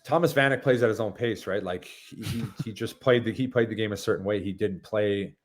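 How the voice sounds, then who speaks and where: Former pro hockey player, male, in his thirties, low voice; animated, restarts often, laughs mid-story. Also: a little fast. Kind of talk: casual interview chat.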